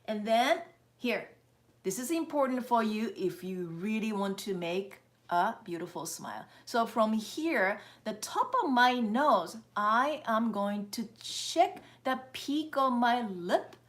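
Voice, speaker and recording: A woman teaching face exercises in a live-streamed lesson, coaching viewers step by step and checking in that they are following along. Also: fairly high pitch. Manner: demonstrates and counts out steps slowly. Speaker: face yoga instructor.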